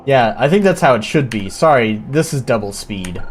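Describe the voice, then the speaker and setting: A man's voice: mid-range voice, lively intonation, normal speed, soft background music. A man streaming indie games live, giving casual, blunt commentary and swearing freely while he plays. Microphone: headset or desk mic, wears headphones.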